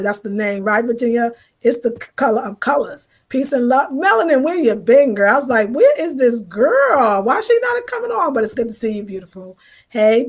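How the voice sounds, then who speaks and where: Chatty woman hosting a livestream, higher voice. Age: 50s. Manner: animated, chatty, greets viewers in slang. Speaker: lifestyle channel host. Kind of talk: casual livestream chat with viewers.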